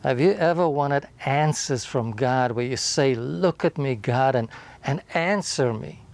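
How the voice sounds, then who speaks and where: Male pastor, slow and measured, mid-pitched, for a short sermon with emphatic beats. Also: gravelly. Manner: deliberate, emphatic delivery that drops to a quiet close.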